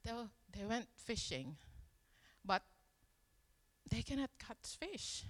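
A woman delivers a sermon at an unhurried pace, telling the story like a conversation and slipping into the voices of the people she quotes. Her voice sits a little high, and it rings out with a long reverb from the hall around her. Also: sing-song, a bit bright. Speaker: preacher.

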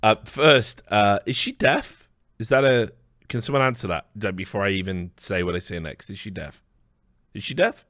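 A man's voice: lowish voice, normal speed, fairly bright tone, dry recording, studio quality. A man hosting a live stream, rambling through casual reaction commentary with lots of swearing and laughing asides.

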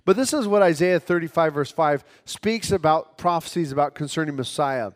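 A male preacher with a fairly high voice delivers an earnest sermon, doubling back on his words as he goes. A long reverb hangs after his phrases, as if he is speaking in a large hall. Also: normal speed. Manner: earnest, repeats words as he restarts. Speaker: pastor.

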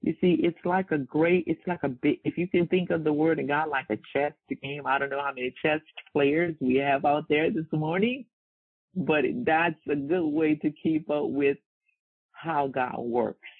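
A man preaches a sermon in call-and-response style, repeating his phrases and drawing answers from the congregation. His voice is gravelly and a bit husky. It comes through a thin, phone-like recording. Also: a little high, fairly even intonation, moderate pace. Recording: tinny, phone-like sound.

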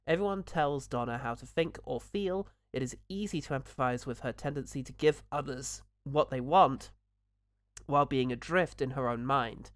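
A man's voice: medium pitch, normal speed, no echo, clean studio sound. A man co-hosting a podcast, chatting agreeably about a film and reading a listener's note aloud. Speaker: podcast co-host. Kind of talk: casual film review chat.

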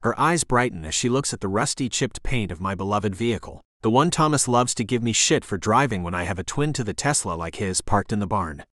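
A man narrating a first-person romance audiobook in a measured storytelling manner, on a close studio mic. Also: on the low side, animated, fairly bright tone, no room sound.

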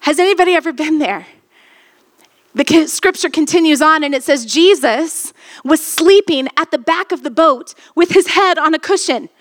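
A woman's voice: high voice, normal speed. A woman pastor preaching a sermon, retelling a scripture story and asking the congregation rhetorical questions.

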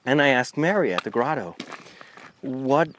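Chatty priest talking while walking. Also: male voice, mid-range voice, expressive, measured pace, a little hiss or hum. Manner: rambling, conversational, with frequent restarts. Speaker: Catholic priest and podcaster. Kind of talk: chatty walking podcast monologue. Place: outdoors on a country path. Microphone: lavalier mic on a phone.

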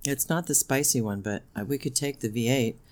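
A man's voice: mid-range voice, a little fast, a little mellow. A man co-hosting a podcast in casual chat, with groans and joking reactions. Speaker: podcast co-host.

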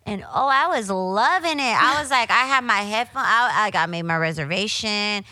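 A woman with a bright, clear voice spins a profane, animated story in a relaxed chat-show style. She slips into quoted voices as she goes, and the sound is dry and close, with no room around it. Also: medium pitch, normal speed, no echo, rough recording. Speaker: podcast host.

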